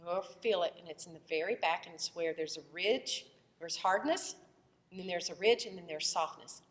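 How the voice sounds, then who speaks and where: A woman's voice: lowish voice, normal speed, fairly bright tone, long reverb tail. A woman voice teacher who has a cold, explaining the vocal tract in a loose, conversational lesson and breaking into short vowel demonstrations.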